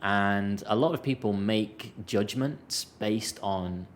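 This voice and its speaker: Deep-voiced man with a mild Midlands accent. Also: slight background noise. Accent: mild English Midlands, softened Birmingham. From England. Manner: clear, deliberate, speaking plainly for learners. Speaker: English teacher and co-host. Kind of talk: casual unscripted conversation.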